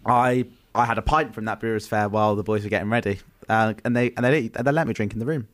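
A man's voice: fairly low pitch, fairly even intonation, fast, a bit bright. A man hosting a casual chat, rambling through stories with lots of restarts and ums. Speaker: podcast host.

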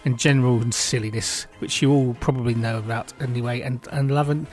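A man's voice: mid-range voice, steady tone, a little fast, a little mellow. A man hosting a community radio show, chatting in a jovial, friendly way. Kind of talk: casual radio chat. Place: radio studio.

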